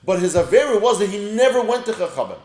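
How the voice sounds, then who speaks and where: A man's voice: high voice, sing-song, quick pace, darkish tone, reverberant. A man giving a casual Torah lesson, reading Hebrew phrases and explaining them with everyday examples. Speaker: Torah teacher.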